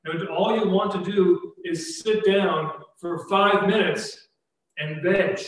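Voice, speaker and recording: A man in his forties preaching a sermon, earnest and conversational, full of rhetorical questions. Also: sits high. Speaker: pastor. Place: church sanctuary. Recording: echoey church hall, mic heard from a distance.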